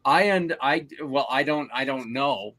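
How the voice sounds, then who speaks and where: A man co-hosting a casual live podcast over a video call, talking in friendly, halting bursts with lots of stumbling restarts. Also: mid-range voice, fairly bright tone. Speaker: podcast co-host.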